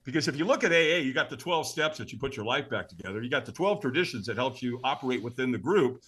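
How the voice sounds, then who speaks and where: A middle-aged man telling stories as a podcast guest, animated and emphatic. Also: mid-range voice, quick pace, breathy edge. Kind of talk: storytelling in an interview.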